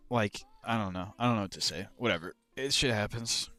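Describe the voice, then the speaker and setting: A young man live-streaming crypto trades, chatting casually to his viewers and ranting about his moves with swearing and sudden loud outbursts. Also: on the low side, fairly quick, few pauses, no room sound, faint music behind. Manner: frustrated, swearing, rambling, bursts of loud outrage.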